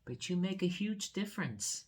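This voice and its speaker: A man's voice: high voice, lively intonation, normal speed, far from the mic, voice pushed up. A man reading the questions of a curious, kind young boy from a picture book.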